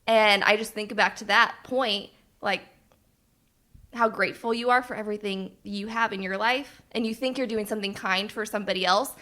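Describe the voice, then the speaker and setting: A young woman with a bright, clear voice tells a personal story on a casual podcast. She talks earnestly, laughs between phrases and gets openly emotional as she goes. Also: medium pitch, steady tone, moderate pace. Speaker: podcast co-host.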